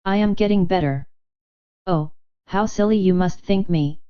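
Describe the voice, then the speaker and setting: A woman's voice: fairly low pitch, normal speed, clear, resonant tone, dull audio, lightly acted. A woman reading the part of a young woman putting on a silly, flustered act, babbling breathlessly.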